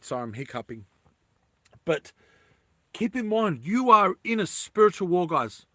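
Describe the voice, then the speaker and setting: A man's voice: high voice, big pitch swings, unhurried, a bit bright, no room sound. A man talking casually on a livestream, rambling and often laughing as he addresses his viewers.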